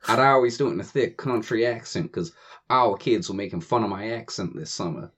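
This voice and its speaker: A man's voice: fairly low pitch, a little fast, a bit bright, breathy edge. A British man, a podcast guest, telling rambling, chatty camp stories. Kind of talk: casual chat. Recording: dull lo-fi audio.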